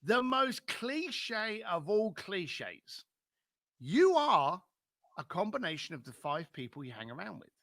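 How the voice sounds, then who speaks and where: A middle-aged man with a London accent, a podcast guest telling his life story in an animated way and acting out other people's lines. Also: high-pitched, takes it slowly, no echo, clean studio sound. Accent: London English. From London, England.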